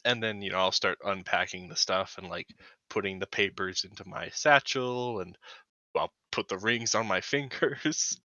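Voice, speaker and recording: A man plays a tabletop game, chatting casually and leaning on 'like' as he thinks aloud. His voice is bright and mid-pitched. The recording is dry and lo-fi. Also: moderate pace, no echo. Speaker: player.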